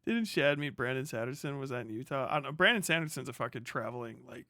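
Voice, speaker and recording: A man's voice: mid-range voice, lively intonation, quick pace, bright, forceful tone, dry recording, studio quality. Profane, laughing young American man. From United States. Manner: profane, laughing, sarcastic rants. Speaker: livestream host. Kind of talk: casual livestream commentary.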